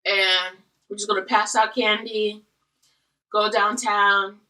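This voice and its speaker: Woman host telling a story at the table, bright and a bit high, mic kinda far off. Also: takes it slowly. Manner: chatty, animated storyteller. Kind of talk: casual storytelling while eating.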